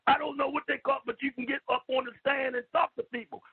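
A man talking on a radio show, loud and profane, stammering and repeating himself, sometimes shouting. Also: extremely high pitch, level tone, quick pace. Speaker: call-in guest. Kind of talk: loud rambling radio talk. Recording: lo-fi phone line.

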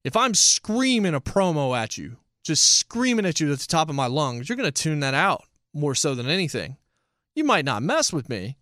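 A man's voice: on the high side, a bit bright, no room sound, clean studio sound. Emphatic man reviewing TV shows. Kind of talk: casual review commentary.

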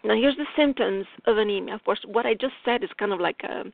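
A woman with a clear Italian accent explains medical terms from her notes in a plain, informal way, stumbling over long words. Her voice has a slight gravelly edge. The recording is dry and narrow, with a tinny, phone-like sound. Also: mid-range voice, fast talker, no echo. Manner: reads technical lists with fillers and restarts. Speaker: caregiver and health blogger.

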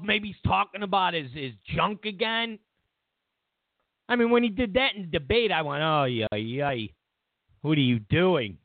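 A man with a high voice hosts his own program, casually ranting about the news with sarcasm and mockery. The political commentary comes through a tinny, phone-like line, dry with no room sound.

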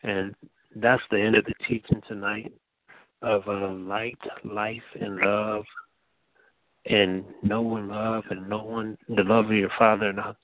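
Male teacher-host, low-ish, halting and soft-spoken, over a dry phone line. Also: flat delivery, dry recording. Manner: soft-spoken, halting, with frequent restarts and laughs.

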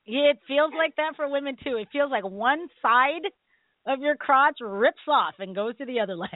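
Woman, middle-aged, radio host, animated storyteller, laughs a lot, dry tinny phone-line sound. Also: high voice, moderate pace, no room sound. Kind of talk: call-in radio chat.

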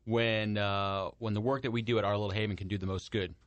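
A male guest on a radio show who speaks for a children's charity. He talks in an earnest, upbeat way, and his voice sits a little low. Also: level tone, fast. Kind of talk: radio interview.

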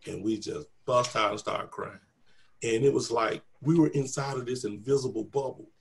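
A man's voice: mid-range voice, moderate pace, creaky, slight background noise. A middle-aged man telling a personal testimony, animatedly acting out the voices of the people in his story. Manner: animated, acts out quoted voices.

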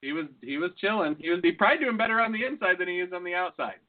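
A male podcast co-host with a high-sitting voice chats loosely and profanely, rapid-fire and animated, laughing often. The recording has a phone-like lo-fi sound.

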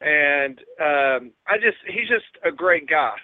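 A man hosts a casual talk show and speaks in a folksy, easygoing manner. His voice is high for a man. It comes through a dry, phone-like line. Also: expressive, slow pace, no echo. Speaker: host. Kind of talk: casual chat.

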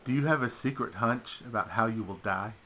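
A man's voice: on the low side, a little fast, a little hiss or hum. A man hosting a casual talk radio show, firing off upbeat quiz questions and laughing easily. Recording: tinny phone-like sound.

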